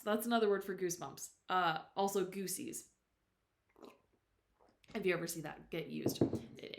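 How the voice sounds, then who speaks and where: A woman's voice: medium pitch, animated, normal speed, pauses often. A woman reading a novel aloud with expression, who stops now and then to explain words to her listeners. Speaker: storyteller. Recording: roomy echo.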